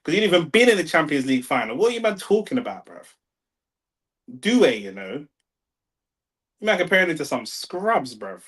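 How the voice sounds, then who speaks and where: A young man with a London accent, talking slangy and excitable over a live football match and arguing with his chat. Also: a little high, normal speed, long pauses. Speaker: watch-along streamer. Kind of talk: live football watch-along commentary.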